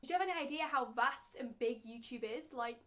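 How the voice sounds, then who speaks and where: A young British woman vlogs to camera, casually answering viewer questions in a high, brisk, fairly bright voice. She rambles playfully and chattily, putting on a squeaky voice whenever she quotes someone.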